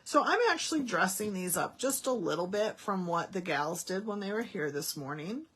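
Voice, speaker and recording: A woman's voice: medium pitch, lively intonation, moderate pace, a bit bright, husky. A woman demonstrating card-making in a chatty, folksy way, thinking aloud as she works. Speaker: Stampin' Up demonstrator. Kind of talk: casual card-making demo.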